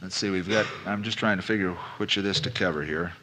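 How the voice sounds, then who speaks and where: A man with a low voice talks fast, pushed and bright, as he gives a folksy, conversational business seminar lecture to a live audience, calling them "folks," asking questions and repeating phrases for emphasis. A little hiss or hum is audible.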